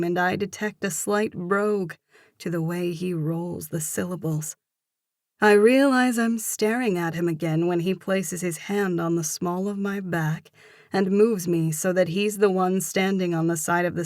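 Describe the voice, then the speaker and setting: A woman reads a romance audiobook in a low, gravelly voice, telling the story steadily in first person. The sound is close and dry. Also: a little slow, a little mellow, dry recording. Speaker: audiobook narrator. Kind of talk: scripted romance narration.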